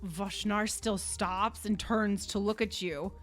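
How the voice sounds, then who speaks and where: A woman's voice: medium pitch, fairly even intonation, slow, faint music behind. A woman narrating a tabletop game as game master, describing scenes with frequent fillers.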